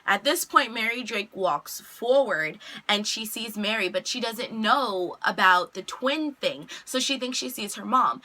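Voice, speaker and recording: Bright-voiced chatty woman vlogger. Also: mid-range voice. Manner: chatty, retells scenes with "like" quotes. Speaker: TV recap vlogger. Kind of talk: casual episode recap.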